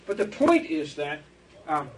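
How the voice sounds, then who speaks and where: A man's voice: on the high side, very animated, a little slow, a little hiss or hum. A man giving an unscripted theology lecture, rambling and digressive, chuckling at his own asides.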